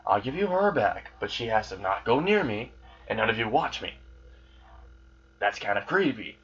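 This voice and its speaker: A man puts on an arrogant young demon who talks down to everyone with lazy sarcasm and a quietly sinister edge. The voice sits low and comes through a dull, muffled lo-fi recording. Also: big pitch swings, moderate pace, slightly rough, full character voice. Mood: smug. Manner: sarcastic, casually menacing. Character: arrogant young male demon, annoyed by fans.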